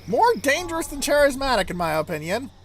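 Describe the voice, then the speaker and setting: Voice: high voice, very animated, fairly quick, a bit bright, slight background noise. A let's-play host giving casual gameplay commentary in a chatty, wry way, now and then breaking into incredulous repeated questions.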